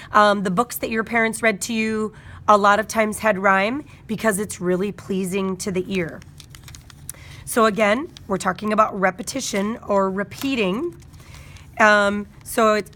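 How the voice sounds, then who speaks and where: A woman with a somewhat high voice teaching a lesson. She explains patiently and step by step, drawing on simple examples along the way. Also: a bit bright.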